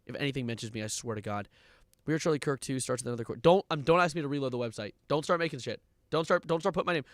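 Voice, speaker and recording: Sarcastic ranting young man, bright voice. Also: medium pitch, no echo, studio quality. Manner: sarcastic, ranting, swears, bursts into loud outbursts. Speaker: streamer reacting to online content. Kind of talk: livestream reaction commentary.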